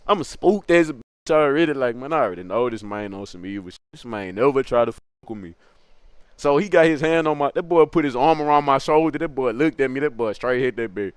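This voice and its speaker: A man's voice: mid-range voice, expressive, a little fast, clear, resonant tone, no echo. Rambling, slangy male storyteller. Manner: slangy, rambling, laughs at his own story. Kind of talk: casual comedic storytelling.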